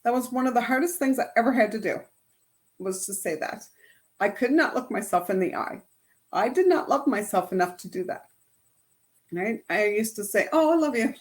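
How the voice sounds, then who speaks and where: A middle-aged life coach leads a casual self-help workshop for a group, chatting away and tagging her points with "right?". Her voice is medium-pitched, at a moderate pace with frequent pauses.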